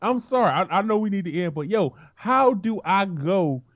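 A man joins a podcast as a guest, animated and fond of acting out mocking voices. His high voice swings widely, and the audio is dry and dull. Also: moderate pace, no room sound. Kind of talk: casual podcast banter.

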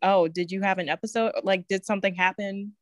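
A woman casually chatting about a TV episode, chiming in with quick reactions and comments. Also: mid-range voice, steady tone. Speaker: TV recap podcast co-host. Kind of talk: casual episode recap chat.

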